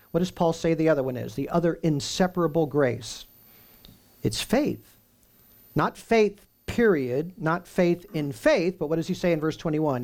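A man preaching a sermon, emphatic, with rhetorical questions and slowly stressed lists. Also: on the high side, vocal fry, a little mellow.

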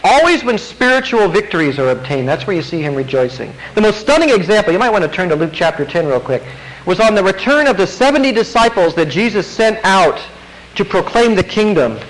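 A man preaching a sermon, animated, acting out quotes and asking the congregation questions. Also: high-pitched, fairly quick, rough recording.

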